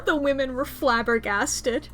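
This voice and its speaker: A woman streamer giving animated, swearing, laugh-filled commentary while playing a game. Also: high-pitched, unhurried, soft background music. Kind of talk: casual let's-play commentary.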